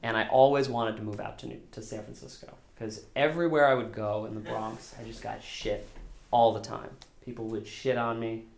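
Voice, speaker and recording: A man's voice: lowish voice, fairly even intonation, moderate pace, gravelly, a little mellow, reverberant. A man telling a personal story live, in a casual, self-deprecating way, acting out the dialogue as he goes. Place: small live storytelling venue.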